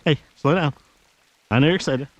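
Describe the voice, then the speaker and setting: His voice runs a little high and he talks briskly while casually narrating a snowy hike for the camera, issuing firm commands to his dog. The action-camera audio has its highs cut off and a little hiss or hum.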